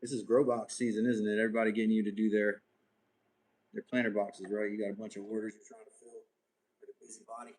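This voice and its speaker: Laid-back low-voiced man chatting outdoors. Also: little pitch movement, quick pace, darkish tone, poor audio. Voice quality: ginger, sweaty from working outdoors. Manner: easygoing, chatty, joking. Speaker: livestream host. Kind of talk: casual livestream chat while crafting. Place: outdoors, warm day.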